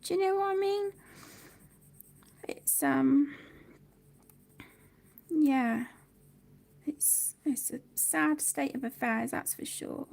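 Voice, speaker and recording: A woman's voice: sits high, animated, slow pace, gravelly, long pauses, darkish tone. A woman in her thirties hosting a casual colouring livestream, chatting and reading viewer comments aloud.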